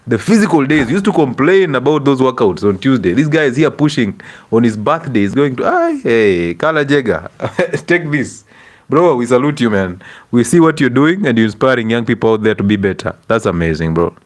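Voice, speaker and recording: A young man with a Kenyan accent chats on a livestream, mixing English with bits of Swahili. His pitch is animated and bouncy, with frequent bursts of laughter and exclamations as he greets his audience. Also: brisk. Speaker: livestream host. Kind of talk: casual livestream chat reading out viewers.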